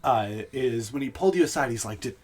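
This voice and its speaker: A man narrating as game master in a chatty, lively way. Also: mid-range voice, fast talker, slightly rough, soft background music.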